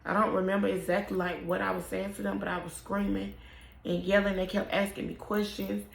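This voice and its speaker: A young woman tells the story of losing her son, halting and emotional, often trailing off. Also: medium pitch, level tone, gravelly. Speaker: mother telling her story. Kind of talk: personal storytelling to camera. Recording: roomy echo.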